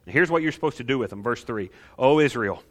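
A pastor, preaching a lively sermon full of rhetorical questions and light humor. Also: male voice, medium pitch, fast talker.

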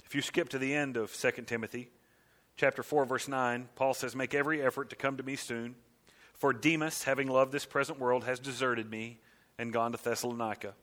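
Bright-toned male pastor preaching. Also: medium pitch, fairly even intonation, brisk. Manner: preaching with wide swings from hushed to loud. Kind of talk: sermon.

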